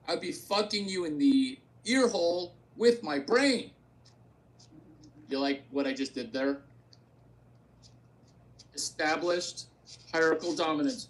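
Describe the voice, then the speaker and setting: A man hosting a provocative solo rant, brash and crude, repeating his points for effect. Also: a little high. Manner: brash, repetitive, crude joking. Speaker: host.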